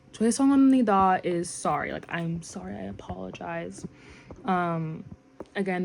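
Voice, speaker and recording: A young woman casually teaching common phrases, chatty and rambling with lots of fillers, jumping up brightly when she quotes a phrase. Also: on the low side. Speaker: language learning vlogger. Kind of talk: casual language lesson.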